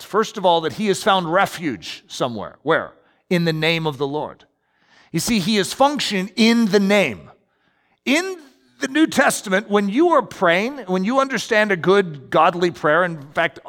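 A man preaching a sermon as pastor, animated, with sudden emphatic rises in his delivery. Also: sits high. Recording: long hall reverb.

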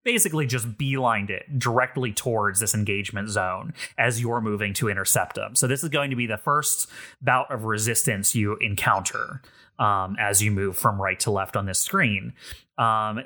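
A man narrating as game master of a tabletop mech game, pausing often with ums and uhs. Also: mid-range voice, sharp tone. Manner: halting, filler-heavy narration.

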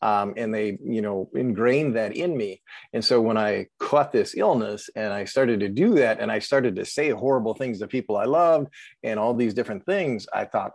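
Guy with a lowish voice sharing his story, lots of ums and restarts, dry close sound. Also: a little mellow, no echo. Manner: halting, with many ums and self-corrections. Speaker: guest. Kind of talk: emotional personal storytelling.

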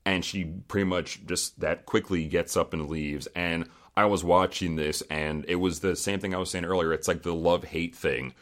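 A man with a very deep voice hosts a casual podcast. He talks in a loose, chatty way, laughing often and dropping the odd swear word. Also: fairly even intonation, moderate pace, hardly any pauses. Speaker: podcast host recapping a reality show. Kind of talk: casual chat.

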